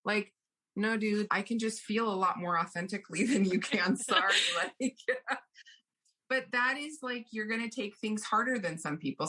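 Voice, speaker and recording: A woman guest, an astrologer, chatting casually and expressively in an interview, quick to laugh. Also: mid-range voice. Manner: animated and expressive, quick to laugh and act out others.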